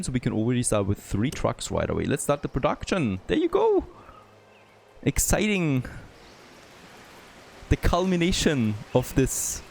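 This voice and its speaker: A man who is not a native English speaker, thinking aloud and getting excited as he comments on a city-building game. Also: mid-range voice, creaky, a little hiss or hum. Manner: thinking aloud, easily excited, frequent "there you go". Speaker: gameplay commentator. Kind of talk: let's play commentary.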